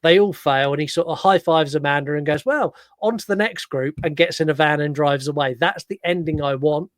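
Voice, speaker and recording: A man hosting a podcast, chatting casually about films, with quick restarts and the odd swear. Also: a little high, steady tone, no echo. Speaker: podcast host. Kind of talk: casual film-review chat.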